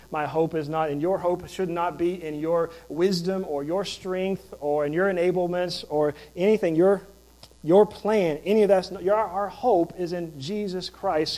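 A man's voice: on the high side, dark tone, low-quality recording. A man who is a pastor, preaching a sermon in an emphatic, conversational way with rhetorical questions.

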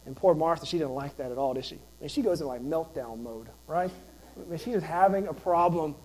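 A man's voice: fairly high pitch, brisk, darkish tone, rough recording. A man who is a pastor, preaching a sermon in an emphatic, conversational way with rhetorical questions.

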